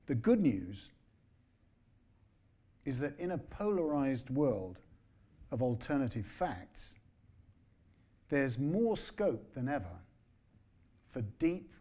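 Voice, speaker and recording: A husky, mid-pitched man in his sixties addresses a conference as a newspaper editor. His speech is measured and emphatic, and he slips in dry, quick asides. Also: big pitch swings, mellow. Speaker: newspaper editor giving a keynote.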